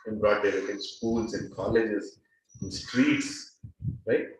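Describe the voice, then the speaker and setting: A spiritual teacher with an Indian accent lectures a class, asking the audience questions and laughing now and then. His voice is on the high side, recorded muffled and from far off in an echoey hall with slight background noise.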